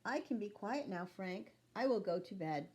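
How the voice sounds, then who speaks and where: A woman reading aloud and voicing a loud, eager, cheerful bean in a children's storybook. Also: medium pitch, lively intonation, normal speed, close to an everyday voice. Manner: bouncy, eager questions. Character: loud excitable musical bean, cheerful and chatty.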